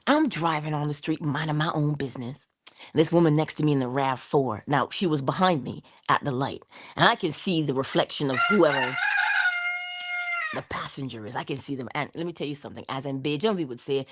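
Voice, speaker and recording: A woman hosting a spiritual talk, animated and laughing often as she tells stories. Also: low-pitched, a little fast, breathy edge. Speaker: spiritual channel host. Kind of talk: casual spiritual talk to viewers.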